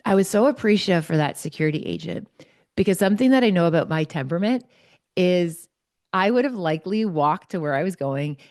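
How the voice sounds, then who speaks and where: Woman host rambling through a story, kinda low voice, dry close sound. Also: brisk, no room sound. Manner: animated, chatty storytelling full of "like". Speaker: podcast host, psychologist. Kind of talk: personal storytelling.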